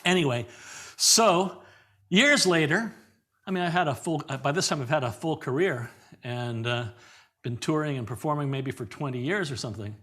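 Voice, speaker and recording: Middle-aged man telling lively stories. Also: on the high side, normal speed. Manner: lively anecdotes, repeats words, laughs often. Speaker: guest performer. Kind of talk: conversational storytelling in an interview.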